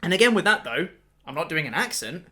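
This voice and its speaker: A man hosting a casual podcast chat and talking enthusiastically in quick bursts. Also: on the high side, big pitch swings, bright, forceful tone. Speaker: podcast host and game master.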